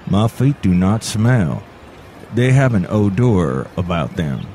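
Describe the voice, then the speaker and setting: A man voicing a grumpy, disgruntled male fiddle player with a deep, huffy voice. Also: very animated, measured pace, bright, forceful tone, a little hiss or hum, heavily acted.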